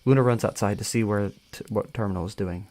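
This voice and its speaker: A man with a fairly low voice reads a fan story aloud on a live stream. He keeps it casual, tripping over words now and then and going back to reread them. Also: quick pace, a little mellow, no room sound. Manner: casual, stumbles and rereads lines. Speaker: story reader.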